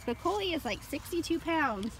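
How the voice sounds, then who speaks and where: A woman's voice: high-pitched, a little mellow, slight background noise. A woman narrating a home video of dogs, cooing and affectionate, recorded from a distance on a phone.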